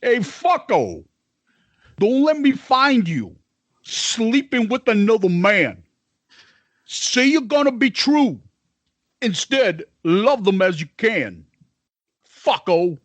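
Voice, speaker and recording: A man doing a high, swearing rock drummer impression in a put-on accent. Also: big pitch swings, slow pace, long pauses, no room sound, full character voice. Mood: snarling. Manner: gruff, swearing, mock accent. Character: crude foul-mouthed male rock drummer.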